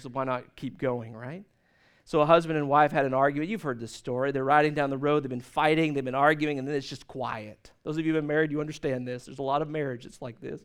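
Clear high-voiced preacher man. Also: fairly bright tone. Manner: storytelling preacher with jokes and questions. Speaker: pastor. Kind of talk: sermon.

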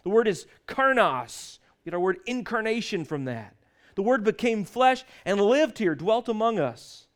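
A man preaching a sermon, stressing scripture lines slowly and leading the congregation to repeat after him. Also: high-pitched, lively intonation. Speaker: pastor.

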